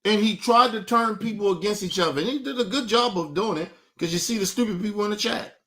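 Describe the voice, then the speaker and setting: Through a streaming setup mic, a livestream host delivers a profane rant aimed squarely at his chat. He talks fast in a high, bright, forceful voice, staying combative and mocking the whole way.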